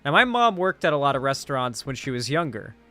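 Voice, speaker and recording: A man's voice: mid-range voice, very animated, fast talker, pushed and bright, faint music behind. A tired man chatting casually on a live stream, rambling and full of fillers. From United States. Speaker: streamer and commentator.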